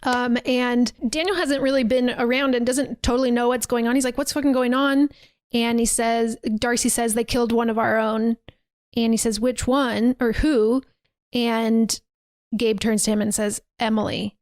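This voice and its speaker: A woman's voice: a little high, little pitch movement, moderate pace, no room sound. A woman podcast host casually retelling a movie's scenes, acting out quoted lines with plenty of swearing. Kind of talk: casual chat.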